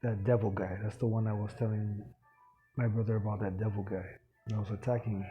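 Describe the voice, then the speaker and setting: A man's voice: fairly low pitch, level tone, lo-fi sound, faint music behind. Rambling man telling a personal story. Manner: rambling, halting, many restarts and fillers.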